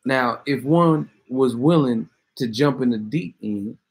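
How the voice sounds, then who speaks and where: A man doing an impression of a rapper who speaks slowly and uses overly formal words while trying to sound sophisticated. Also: medium pitch, low-quality recording. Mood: mock-formal. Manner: slow, overly formal word choice. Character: pompous rapper man, wordy and fake-sophisticated. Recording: music playing clearly behind.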